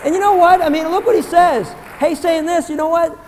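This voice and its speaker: Man, pastor, high voice, animated sermon, hushed to shouting, long hall reverb. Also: fairly quick, some chatter behind, slight background noise.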